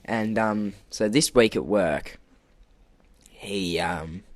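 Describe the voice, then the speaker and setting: A young man telling an animated work story on a podcast, acting out quotes and laughing often. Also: on the low side, drawn-out words, dry recording. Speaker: podcast co-host. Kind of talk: casual storytelling.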